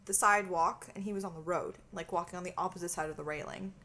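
A woman's voice: fairly low pitch, fast talker. Canadian woman telling stories, swearing freely. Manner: animated storytelling, swears freely. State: itchy. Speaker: podcast co-host. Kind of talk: casual chat.

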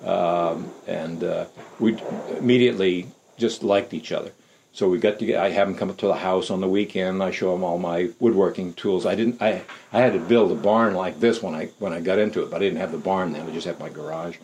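An older man being interviewed, telling rambling, unhurried anecdotes and acting out the voices of people he quotes. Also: deep voice, fairly even intonation, darkish tone, rough recording. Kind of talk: casual anecdotal storytelling.

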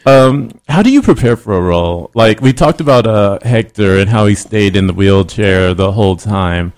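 Man, podcast co-host, lowish voice, asks questions, laughs between them. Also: lively intonation, normal speed, darkish tone. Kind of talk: interview questions.

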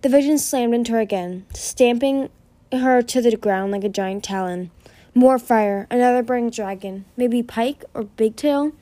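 A woman's voice: on the high side, moderate pace, mellow, no room sound. Woman reading a fantasy novel aloud. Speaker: audiobook reader. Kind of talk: fan audiobook reading.

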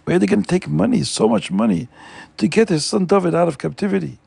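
Gravelly-voiced man telling a story. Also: high voice, quick pace, no echo. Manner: animated, emphatic retelling. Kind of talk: oral storytelling.

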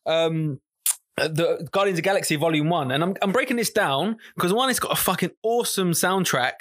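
A man's voice: a little high, a little fast, a bit bright. A man from London with a London accent, hosting a podcast with teasing, rambling casual banter full of swearing and fillers. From London, England. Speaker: podcast host.

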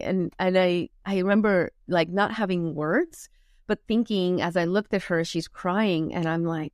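A woman, a motivational speaker and coach, telling her life story candidly in an interview, earnest and reflective with frequent pauses. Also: lowish voice, no room sound, studio quality.

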